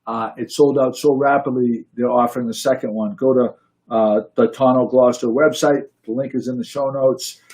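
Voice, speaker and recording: A man hosting a casual chat podcast, jokey and brisk as he runs a giveaway and reads announcements. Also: mid-range voice, steady tone, darkish tone. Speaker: podcast host.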